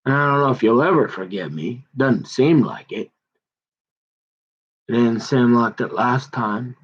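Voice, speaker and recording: A man of middle pitch rants through a grievance at length, stumbling over his words and circling back on himself. His voice comes through a dull, muffled, lo-fi recording. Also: husky. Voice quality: aggrieved, halting, full of restarts and stumbles. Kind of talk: rambling personal monologue.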